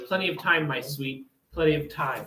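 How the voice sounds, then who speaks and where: A man's voice: on the high side, moderate pace, sharp tone. A man voicing a smug, seductive master of the house in a suave, crooning tone, read aloud in an echoey room with a crowd.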